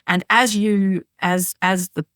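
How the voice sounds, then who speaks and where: A middle-aged woman hosting a solo podcast, coaching listeners gently and softening her voice when she models soothing words for babies. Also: medium pitch, fairly even intonation, slow pace, dry recording, studio quality. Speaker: podcast host. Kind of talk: solo podcast advice talk.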